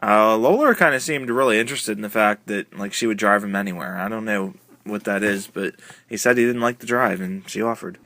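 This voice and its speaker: A man's voice: fairly low pitch, fairly quick, pushed and bright, no room sound. A man casually recapping a wrestling TV episode, retelling it in a loose, rambling way full of uh and um. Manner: rambling, filler-heavy retelling with many uh and um. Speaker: wrestling show reviewer.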